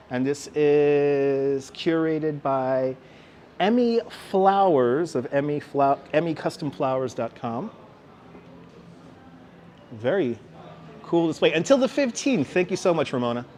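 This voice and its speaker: A man's voice: fairly high pitch, expressive, takes it slowly, long pauses, darkish tone. Live-stream host, New York man, chatty and upbeat, outdoors on a lapel mic with faint street noise. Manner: chatty, reads out viewer names and signs. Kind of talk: casual live-stream walking tour. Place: outdoor city walkway at evening. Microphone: wireless clip-on mic.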